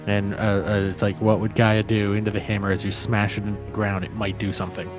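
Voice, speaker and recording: A man's voice: lowish voice, flat delivery, quick pace, over music. A man narrating as game master of a tabletop game, easygoing and a little rambling.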